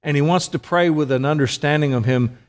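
A man's voice: on the high side, brisk, in a large hall. A middle-aged man giving a conversational sermon, often putting questions to his listeners. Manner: conversational, asks the audience questions. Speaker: preacher.

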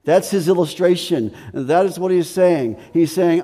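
A male pastor delivers a sermon in a mellow, somewhat high voice. He speaks deliberately, stretching out key words and repeating lines for emphasis. The sound rings with the long reverb of a big hall. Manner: deliberate preaching with slow emphatic stretches and repetition.

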